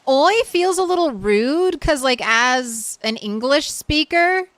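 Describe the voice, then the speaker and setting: A woman's voice: high-pitched, animated, slow pace, a bit bright, no echo. A tired young woman streaming a game late at night, chatting casually with her viewers and often restarting her sentences.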